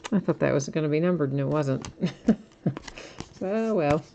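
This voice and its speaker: Low-voiced chatty woman hosting a card break. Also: lively intonation, a little slow, gravelly, warm tone, slight background noise. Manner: chatty, rambling, laughs often. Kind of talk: casual live-stream chat.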